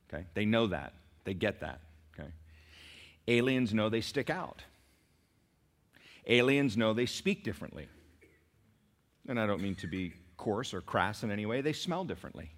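A man's voice: on the low side, a bit bright. A middle-aged male pastor preaching a sermon in a conversational way, with asides to the congregation and rising emphatic peaks.

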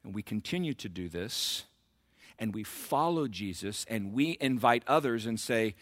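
A man's voice: lowish voice, lively intonation, moderate pace, a bit bright, no echo, clean studio sound. A middle-aged man preaching a sermon as pastor, building to emphatic surges and talking directly to the congregation.

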